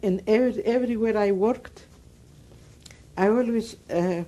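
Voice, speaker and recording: Older woman from Greece, Greek accent, non-native English, warm low-bright tone, emphatic oral-history speaker. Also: normal speed. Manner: broken English, emphatic and repetitive storytelling. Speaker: Holocaust survivor interviewee.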